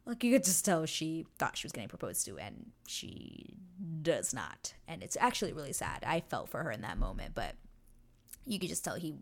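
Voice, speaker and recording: A woman's voice: sits low, lively intonation, normal speed, creaky. A woman hosting a podcast, chatting casually and rambling with lots of "like" as she recaps a TV episode and acts out the characters' lines. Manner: gushing, rambling, heavy use of "like". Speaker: podcast host.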